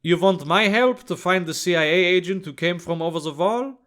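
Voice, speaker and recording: A man's voice: high voice, lively intonation, fairly quick, fairly bright tone. A man voicing a weary middle-aged male border policeman who talks in a tired, lethargic way.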